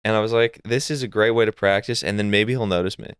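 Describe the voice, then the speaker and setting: A man's voice: fairly low pitch, steady tone, a bit bright, clear, resonant tone, no room sound, clean studio sound. A young man, a video editor, chatting casually on a podcast and often restarting his sentences. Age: young adult. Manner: hesitant, restarts often, quick laughs.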